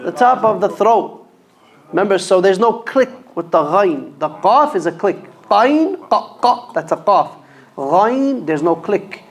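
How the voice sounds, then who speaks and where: A man teaching Quran reading in a mosque class, slowly drilling letter sounds and correcting pronunciation. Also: sits high. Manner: slow, clearly enunciated call-and-repeat drilling with correction. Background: class of students repeating.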